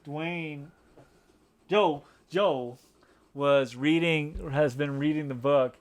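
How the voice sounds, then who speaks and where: A man co-hosts a laid-back movie review podcast, his slightly high voice moving extremely slowly. He rambles, packing his talk with fillers and restarting sentences often.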